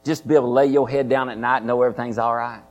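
A man's voice: mid-range voice, flat delivery, very fast, dull audio. A man preaching a sermon as pastor, folksy and repetitive, often asking his congregation questions. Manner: folksy, repeats phrases, asks the congregation questions.

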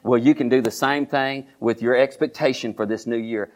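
A man's voice: medium pitch, steady tone, moderate pace, a little mellow. An older man, preaching a sermon as pastor, repeating lines and calling the congregation to say them with him, often restarting his sentences. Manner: repetitive call-and-response preaching with many restarts.

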